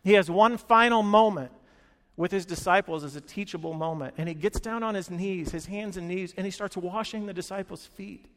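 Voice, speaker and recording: Animated man preaching in a reverberant hall. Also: high voice, moderate pace. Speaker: pastor. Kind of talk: sermon.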